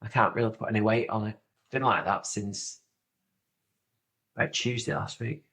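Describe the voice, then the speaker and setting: A man's voice: on the low side, level tone, normal speed, gravelly, fairly bright tone. A man, co-hosting a podcast in casual comedic chat, rambling through stories, swearing freely and slipping into silly voices. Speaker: podcast co-host.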